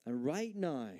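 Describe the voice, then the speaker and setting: Male pastor, sermon delivery, emphatic with rhetorical questions, slightly higher voice. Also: warm tone. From Northern Ireland. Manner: emphatic preaching with rhetorical questions and acted-out doubts.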